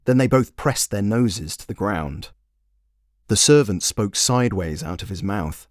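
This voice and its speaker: A man's voice: lowish voice, expressive, measured pace, dry recording, studio quality. A man narrating a fairy tale he wrote, in a wry, playful storytelling manner. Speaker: storyteller and author.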